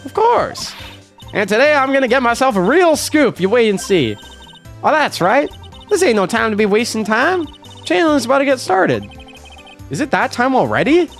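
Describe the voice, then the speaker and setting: A man plays a brash young woman photographer with a thick put-on Southern drawl. She talks big and folksy, pitched high and lively. She sits over faint background music. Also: normal speed, vocal fry, full character voice.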